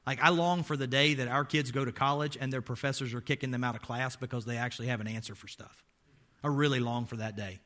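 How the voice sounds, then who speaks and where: A man's voice: medium pitch, fairly even intonation, fast talker, a bit bright. A man preaching a sermon as pastor, emphatic and quizzing his listeners with rhetorical questions, with folksy, wry asides.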